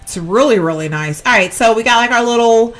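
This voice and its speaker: A woman's voice: on the high side, expressive, a little fast, a bit bright. A woman giving casual, rambling commentary while decorating in a life-sim game, often correcting herself. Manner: chatty, rambling, self-correcting, giggly. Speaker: Sims gameplay YouTuber.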